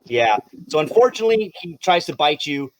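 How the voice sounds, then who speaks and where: A man running a live tabletop game as game master, narrating with animated energy, swearing and laughing. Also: a little high, a little fast.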